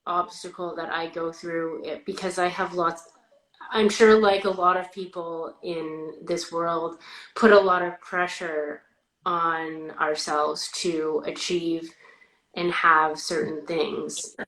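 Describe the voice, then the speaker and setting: A woman's voice: lowish voice, slow pace, roomy sound, poor audio. A woman in her thirties hosting a podcast, talking candidly and animatedly in casual chat. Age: 30s. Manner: candid, animated, rambling with restarts. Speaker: podcast host.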